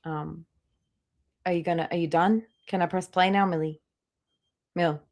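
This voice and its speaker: A woman's voice: lowish voice, fairly even intonation, measured pace. A woman hosting a live stream, mocking and swearing as she comments on clips in a casual, blunt way. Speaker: livestream host reacting to clips.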